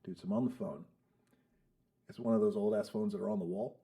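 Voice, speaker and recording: Speaking fairly low and steady at a quick pace, this podcast guest in his fifties has a gravelly, warm voice. He tells casual stories laced with profanity and does the voices of those he quotes, recorded on a studio podcast mic.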